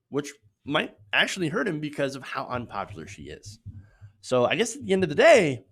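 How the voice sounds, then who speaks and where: Emphatic, animated male political commentator. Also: medium pitch. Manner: emphatic, indignant, repeatedly raising his voice for emphasis; rambling, with many fillers and restarts when speaking off the cuff. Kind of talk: live-streamed political commentary.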